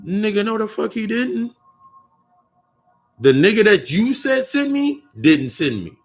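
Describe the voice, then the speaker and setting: A man's voice: high voice, big pitch swings, measured pace, soft background music. A young man talking in a casual spiritual monologue, profane and rambling, often repeating and restarting his phrases. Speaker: occult vlogger.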